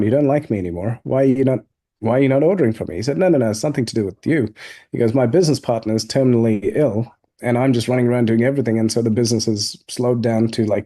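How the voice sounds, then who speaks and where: A man being interviewed as a guest entrepreneur, telling stories in an animated way and acting out both sides of past conversations. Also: mid-range voice, slightly rough. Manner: animated storyteller, acts out both sides of dialogues. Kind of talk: storytelling in an interview.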